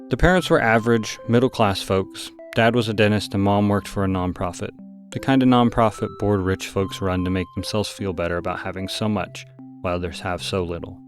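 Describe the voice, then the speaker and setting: A man narrating a scripted horror story in a calm, matter-of-fact way. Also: low-pitched.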